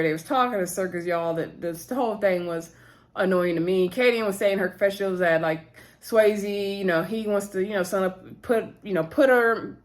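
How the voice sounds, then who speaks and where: Chatty woman recapping a reality show. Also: on the low side. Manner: chatty, heavy on fillers, talks to viewers as girl and y'all; switches voices to act out quoted cast members. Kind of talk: casual chat recap.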